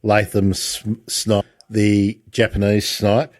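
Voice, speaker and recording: A man's voice: lowish voice, completely flat delivery, slow, darkish tone. A man, hosting a podcast and asking questions in a chatty, wandering way. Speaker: podcast host. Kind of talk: casual interview.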